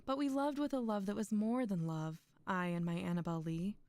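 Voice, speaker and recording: A woman's voice: mid-range voice, fairly even intonation, normal speed, a little mellow, no room sound. A young woman streaming a poetry reading, reciting poems aloud and breaking off into chatty asides with frequent laughs.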